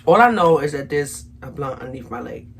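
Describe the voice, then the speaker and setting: A young woman with a New York accent telling a storytime vlog, animated and acting out the quotes, talking straight to her viewers. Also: a bass voice, a little fast, breathy edge. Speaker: vlogger.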